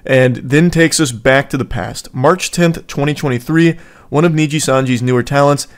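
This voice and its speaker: A man's voice: mid-range voice, normal speed. A man narrating a commentary video in a dry, sardonic way. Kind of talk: scripted commentary.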